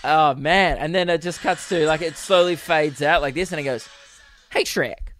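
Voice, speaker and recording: A man's voice: on the high side, moderate pace, fairly bright tone, faint music behind. A young man, hosting a casual solo podcast, rambling and giggly with lots of fillers. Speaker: podcast host and comedian.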